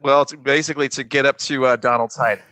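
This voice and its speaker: A man telling a story as a guest on a casual podcast, halting and restarting as he goes. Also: medium pitch, fairly even intonation, sharp tone, rough recording. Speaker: guest, former stand-in.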